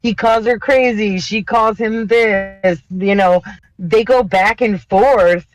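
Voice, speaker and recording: A woman's voice: medium pitch, fairly even intonation, takes it slowly, no room sound, poor audio. A young woman chatting casually on a podcast, ranting with profanity and mimicking others in mocking voices. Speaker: podcast co-host. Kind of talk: casual chat.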